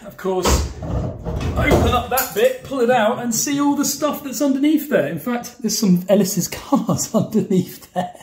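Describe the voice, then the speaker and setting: A British man vlogging casually from his home bathroom, explaining things in a chatty, joking way. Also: sits high. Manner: chatty, jokey, explains while showing things. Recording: echoey tiled bathroom.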